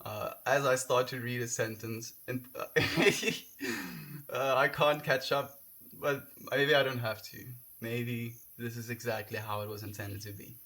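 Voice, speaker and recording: A young man, raised speaking Afrikaans, chats loosely with his live-stream audience. His voice sits at an ordinary middle pitch, and he gushes with thanks between comments. He is outdoors, talking casually and sincerely. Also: measured pace, pushed and bright. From South Africa. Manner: gushing, heartfelt, reads chat comments aloud. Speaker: livestreamer. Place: outdoors, windy.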